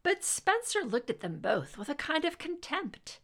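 A woman reading a story aloud as narrator, in an expressive, unhurried way. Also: high voice, gravelly. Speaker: reader.

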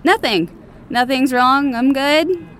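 A woman voicing a nervous, evasive female demon who is a mother in an audio drama, speaking in a hesitant, halting way. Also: sits high, fairly bright tone, slight background noise.

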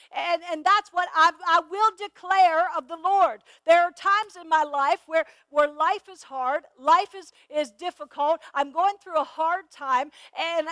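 A middle-aged woman teaching a sermon in an earnest way, often repeating words as she starts, and slowing down to stress key phrases. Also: very high-pitched, fairly bright tone, no echo. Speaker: Bible teacher.

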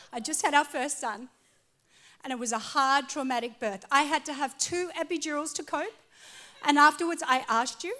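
On a stage before a live audience, a woman in her forties with a high voice preaches a sermon and tells a funny story about her marriage. She's animated and self-mocking, swinging between soft and loud.

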